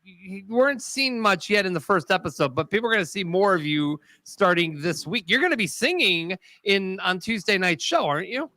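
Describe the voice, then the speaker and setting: A man's voice: sits high, animated, moderate pace, few pauses, sharp tone, no echo. A man hosting a talk show, asking guests questions in casual, upbeat chat.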